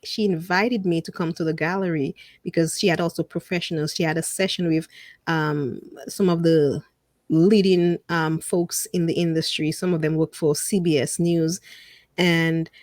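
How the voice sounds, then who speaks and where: A woman guest on a casual interview podcast, telling her stories in an animated way, acting out what people said and laughing often. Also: low-pitched, normal speed, no room sound, clean studio sound. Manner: animated storyteller who acts out quotes and laughs often. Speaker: podcast guest and fellow podcast host.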